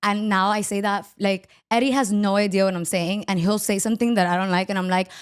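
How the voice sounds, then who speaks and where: Woman host with a Miami accent, mid-pitched voice, quick and enthusiastic banter. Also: fairly even intonation, smooth. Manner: quick, enthusiastic, laughs easily. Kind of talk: casual podcast chat. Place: podcast studio.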